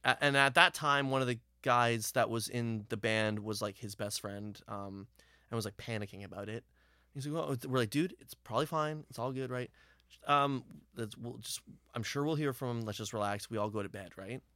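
A man's voice: medium pitch, fairly even intonation, moderate pace, pushed and bright, no echo, clean studio sound. A man casually telling a rambling road story from touring with his band, swearing freely.

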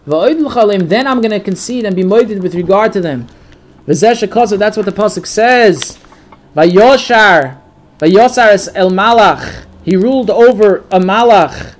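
A fairly high-voiced man gives a verse-by-verse lesson on the weekly Torah portion, first reading the Hebrew and then translating it into English. He often starts his sentences over and slips Yiddish words into his speech.

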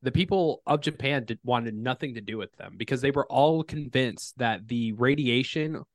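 A man's voice: medium pitch, normal speed, dry recording, studio quality. A young man co-hosting a podcast, chatting casually and bluntly with some swearing. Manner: blunt, curses, jokes around. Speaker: podcast co-host. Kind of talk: casual chat.

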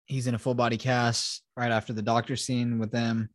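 A man's voice: medium pitch, little pitch movement, normal speed, no room sound, studio quality. A man hosting a casual podcast, animatedly retelling a film scene by scene, acting out the characters and swearing freely. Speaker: podcast host.

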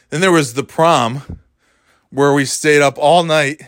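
A man's voice: on the high side, takes it slowly, clear, resonant tone, no echo, studio quality. A man telling a casual, rambling story about his past, often interrupting himself and laughing.

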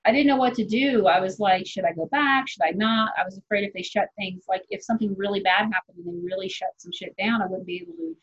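A woman in her forties talks loosely and candidly, drifting from thought to thought and swearing without a second thought. Her voice is a little husky. The recording sounds dull and lo-fi. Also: mid-range voice, animated. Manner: rambling, candid, swears freely, quick laughs. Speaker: comedian guest. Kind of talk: casual podcast chat.

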